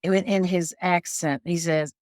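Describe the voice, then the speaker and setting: Older woman guest, low-pitched and dry, animated storyteller. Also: measured pace, no echo. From Detroit. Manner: animated storyteller, repeats phrases. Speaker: guest singer. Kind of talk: casual interview chat.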